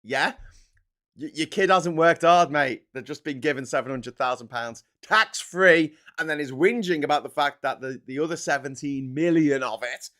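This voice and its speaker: A man's voice: on the high side, normal speed, fairly bright tone. A man hosting a casual live stream, ranting sarcastically and mocking people in whiny put-on voices. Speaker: livestream host.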